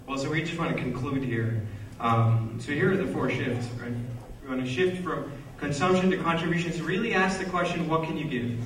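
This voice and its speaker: A man's voice: a little high, moderate pace, a bit bright, a little hiss or hum. A man giving an earnest, plain-spoken speech at a conference. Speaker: conference speaker. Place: conference hall. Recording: echoey hall, mic from far off.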